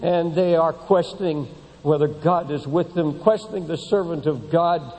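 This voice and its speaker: A man preaching a sermon with passion, climbing to high emphatic peaks, then dropping low and slow, and repeating words as he builds. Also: a little mellow. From United States. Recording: long hall reverb.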